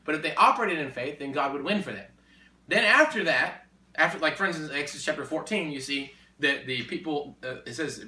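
A man preaching in a conversation, emphatic and repetitive, building to forceful exhortation. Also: on the high side, lively intonation, fairly quick. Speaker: Christian speaker. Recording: echoey room, distant mic.

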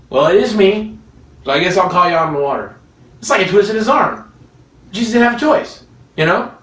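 An animated preacher delivers a sermon with a lively, swooping pitch, acting out dialogue and laughing along the way. The voice rings through an echoey room and is picked up from some distance off the mic. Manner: animated, acts out quoted dialogue, laughs often. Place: room with listeners.

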